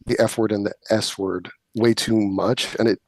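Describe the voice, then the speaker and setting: A man's voice: on the low side, fairly even intonation, moderate pace, no room sound. Interview guest, male, Californian accent, opinionated, wry, dry close sound. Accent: Californian American. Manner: talkative, opinionated, wry, says like often. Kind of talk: casual interview chat.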